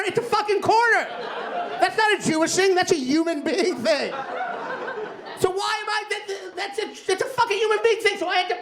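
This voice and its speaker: A young man from Kentucky performing a stand-up set in a comedy club, animated and punching up his lines with loud exclaimed bursts. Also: very high voice, gravelly. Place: comedy club with laughing audience. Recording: roomy club with crowd laughter.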